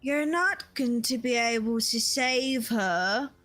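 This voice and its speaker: A woman's voice: on the high side, takes it slowly, a bit bright, faint music behind. A woman voicing a taunting, eerie male voice in a tabletop game.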